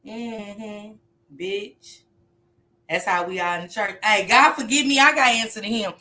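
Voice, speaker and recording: A woman's voice: medium pitch, lively intonation, fast talker, sharp tone, a little hiss or hum. A woman hosting a casual livestream, talking straight to her chat in a loose, joking and profane way. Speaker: livestream host.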